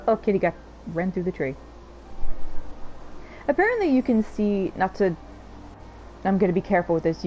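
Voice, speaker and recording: A woman's voice: lowish voice, dark tone, slight background noise, poor audio. A woman giving casual gameplay commentary, chatty and playful, swearing freely. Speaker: game streamer.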